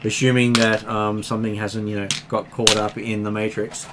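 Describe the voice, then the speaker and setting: Low-voiced man running a tabletop game. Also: flat delivery, normal speed, noisy background. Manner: explaining rules patiently with fillers. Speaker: game master.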